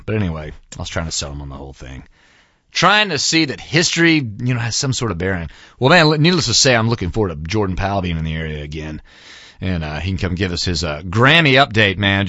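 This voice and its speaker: A middle-aged man hosting a show, talking in a loose, excitable way and saying "man" and "dude" a lot. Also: deep voice, dry recording. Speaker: show host. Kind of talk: casual monologue. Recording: dull dry lo-fi sound.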